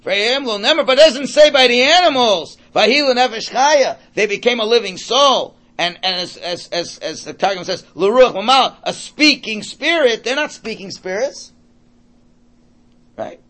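With a high voice that swings widely and lively intonation, a man teaches Torah informally, unhurried and a bit bright. He chats conversationally, repeating words while he thinks and weaving in Hebrew and Yiddish.

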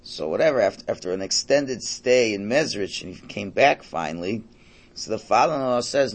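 A man's voice: on the low side, animated, normal speed. A man teaching a Torah class, telling Hasidic stories in a conversational way. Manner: storytelling, conversational, quotes characters.

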